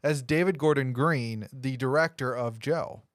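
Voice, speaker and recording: A man's voice: medium pitch, unhurried, dry recording, studio quality. A man co-hosting a movie podcast in casual, jokey chat. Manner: animated, jokey. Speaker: podcast co-host.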